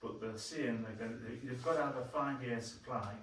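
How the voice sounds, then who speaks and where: A man's voice: mid-range voice, fairly quick, fairly bright tone. A man giving a councillor's report at a council meeting, speaking in a plain, colloquial way. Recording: very echoey room, distant mic, faint noise.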